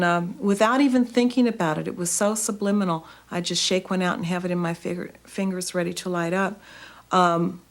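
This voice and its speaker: A woman with a lowish voice speaks thoughtfully in a documentary interview. Her tone is gravelly, with a touch of fry. She looks back as a former smoker.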